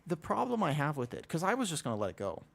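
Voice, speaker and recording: A man's voice: fairly high pitch, wildly swooping pitch, fast talker, creaky, fairly bright tone. A man chatting casually to his live stream audience, rambling with frequent restarts.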